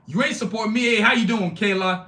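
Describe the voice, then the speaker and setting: Brash, bright-voiced man ranting on a live stream. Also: high-pitched, brisk. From Nigeria. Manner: emphatic, blunt and profane, talks straight to chat. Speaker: podcast host. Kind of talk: live-streamed solo podcast rant.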